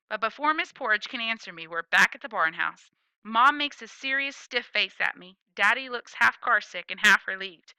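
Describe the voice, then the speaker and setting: A woman narrating a children's story in the first person, playful and expressive. Her very bright voice is crisp and rises and falls freely, and the sound is dry and close. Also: medium pitch, moderate pace, no room sound, rough recording. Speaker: audiobook reader.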